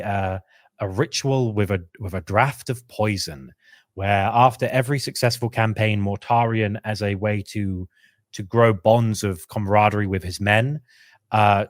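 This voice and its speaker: A man with a lowish voice chats about lore on a podcast, recorded close and dry. He keeps it casual and lively, often slipping into quick put-on voices for the characters he describes. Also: dry recording. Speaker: podcast co-host.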